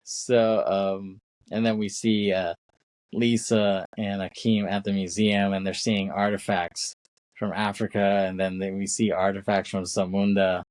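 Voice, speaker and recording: A man's voice: sits low, little pitch movement, a little slow, darkish tone, no echo. A man co-hosting a podcast, retelling a film's scenes in a rambling casual way, with many fillers and acted-out quotes. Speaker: podcast co-host. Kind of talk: casual film recap chat.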